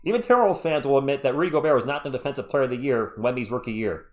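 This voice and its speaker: A man's voice: mid-range voice, lively intonation, very fast. A man hosting a fan live stream of a basketball game, calling the plays while chatting with viewers in the chat, sounding a little congested. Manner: chatty, reads live chat between calls. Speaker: live stream play-by-play host. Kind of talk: fan play-by-play commentary with chat.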